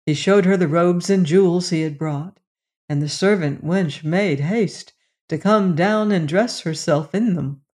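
A storyteller reading a fairy tale aloud in a slow, measured way. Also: medium pitch, a little mellow.

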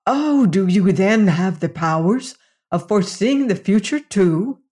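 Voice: mid-range voice, animated, measured pace, a little mellow, lightly acted. An audiobook reader voicing a blunt male officer at a space outpost, talking in a curt, dry way.

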